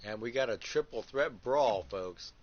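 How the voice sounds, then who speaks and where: In muffled lo-fi audio with clear background hiss, a man hosts a wrestling video game livestream, calling the action like a ringside announcer. His medium-pitched voice is animated and a little slow, peppered with crude rhyming jokes and constant "folks."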